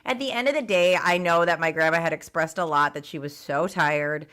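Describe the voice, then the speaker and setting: A woman's voice: deep voice, brisk, fairly bright tone, clear, resonant tone. A woman co-hosting a podcast, chatting in a rambling way about her grandparents. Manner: chatty, rambling with many fillers and restarts. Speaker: podcast co-host. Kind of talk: casual chat.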